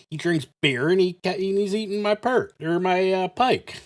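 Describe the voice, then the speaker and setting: A man's voice: high voice, moderate pace, few pauses. A man hosting a gaming channel, telling a rambling, profane story full of fillers. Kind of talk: casual storytelling while playing.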